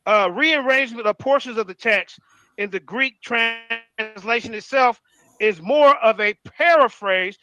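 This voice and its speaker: A man arguing in a live online debate, combative and rapid, often reading from notes. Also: very high voice, sharp tone, no room sound, low-quality recording.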